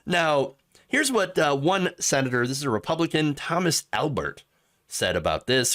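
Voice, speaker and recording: A man from Michigan hosting casual political commentary, talking in a sarcastic, animated way with frequent chuckles. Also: fairly high pitch, a little slow.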